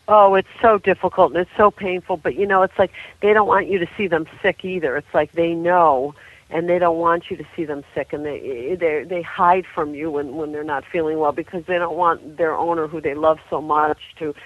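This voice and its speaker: A woman guest talking with deep feeling and animation about the rescue dogs she loves and a book she wrote. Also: moderate pace, dry recording, phone-quality sound. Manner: heartfelt, animated, full of feeling. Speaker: guest, author of a dog book. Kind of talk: emotional interview storytelling.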